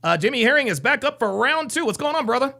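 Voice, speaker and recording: Casting: male call-in host, high lively voice, bright, gravelly edge. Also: quick pace. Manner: animated, exclaims loudly. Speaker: live stream host giving dating advice. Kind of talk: casual call-in chat.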